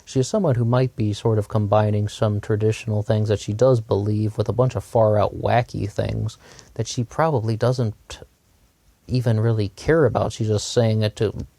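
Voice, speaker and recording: A man's voice: on the low side, fairly even intonation, normal speed, gravelly, warm tone, dry recording. A man giving a rambling opinion monologue, hesitant and repetitive, with frequent restarts. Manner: rambling, hesitant, repeats himself. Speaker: commentator.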